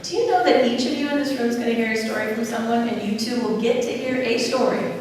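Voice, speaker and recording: A woman giving a lively public talk on dementia care, asking the audience questions and then answering them herself. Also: a little high, quick pace, a little hiss or hum. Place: large hall. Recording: echoey hall from far off with faint ambience.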